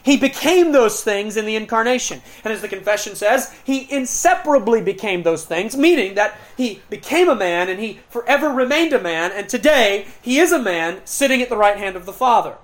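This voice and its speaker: Emphatic woman preacher with hushed lows. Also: lively intonation. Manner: emphatic, slows down to stress key words; swings between loud emphasis and quiet, hushed delivery. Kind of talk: sermon.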